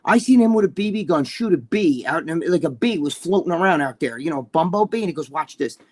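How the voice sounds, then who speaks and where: A man's voice: a little high, animated, fast, slight background noise. A man co-hosting a casual chat show, talking in a heated, profane, rambling way. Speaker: co-host.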